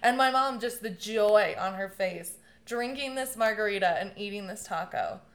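A young woman in a casual conversation, telling stories with lively bursts of laughter and swearing. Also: mid-range voice, normal speed. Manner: animated storytelling, laughing often, swearing. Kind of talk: casual chat.

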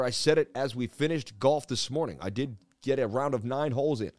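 A man's voice: mid-range voice, a little fast, darkish tone, no echo. A man hosting a live crypto market stream, hyped and preachy as he walks through the charts, often calling people "baby.". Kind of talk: live market analysis chat.

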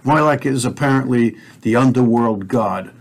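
A man's voice: mid-range voice, normal speed. A man hosting a talk show, ranting in a fiery, preachy way and swearing as he speaks straight to his listeners. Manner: fiery, profane, preachy, addresses listeners directly. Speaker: podcast host. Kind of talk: heated conspiracy talk show rant.

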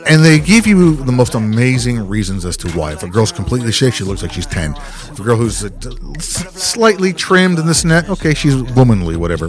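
A man co-hosting a casual podcast, telling frank, crude anecdotes with casual swearing. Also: mid-range voice. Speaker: podcast co-host.

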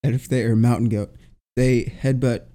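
A man's voice: mid-range voice, fairly even intonation, moderate pace, mellow. A man co-hosting a podcast in casual chat, wisecracking, blunt and swearing freely. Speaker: podcast co-host.

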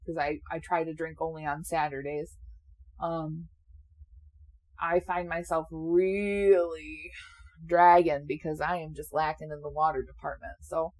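A woman's voice: lowish voice, darkish tone. A woman in her late twenties chatting casually and candidly, laughing often and swearing now and then, a little sleepy. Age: 20s. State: sleepy, yawning. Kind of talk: casual chat.

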